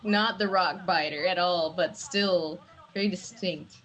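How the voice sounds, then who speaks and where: A woman's voice: on the low side, a little slow, fairly bright tone. A woman chatting casually on a film commentary track, laughing often. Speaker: cast member.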